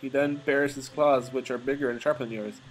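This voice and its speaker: Let's play guy, mid-pitched, joking, reads game text, faint music behind. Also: fairly even intonation, fairly quick, rough recording. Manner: casual, joking, swears at times. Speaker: gamer.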